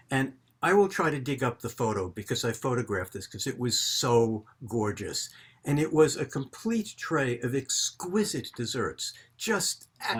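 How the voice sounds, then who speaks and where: Older man, husky, rambling, video call storytelling. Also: medium pitch, a bit bright. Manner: rambling, many fillers and restarts. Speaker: group member telling a story. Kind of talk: casual storytelling on a group call.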